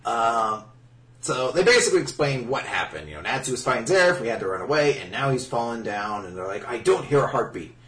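A man's voice: medium pitch, a little fast, recorded from a distance. A man co-hosting a casual podcast, recapping manga chapters with frequent laughter and swearing. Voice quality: laughs often, acts out lines in mock voices. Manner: swears, rambling, animated. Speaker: podcast co-host. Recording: roomy, off-mic sound.

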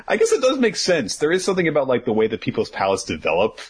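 A young man casually recapping a manga, animated and swearing, acting out the characters. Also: medium pitch, quick pace, slightly rough.

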